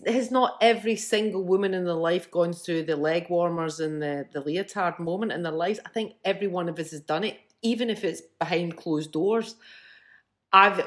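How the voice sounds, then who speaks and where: A middle-aged Scottish woman, a band frontwoman, telling stories bluntly in a casual interview, swearing freely. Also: fairly low pitch. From Scotland.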